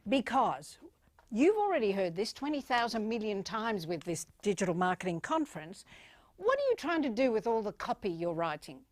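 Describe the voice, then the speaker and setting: A woman speaking as a keynote speaker, giving a playful, animated motivational talk and acting out little voices. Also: on the high side, no echo.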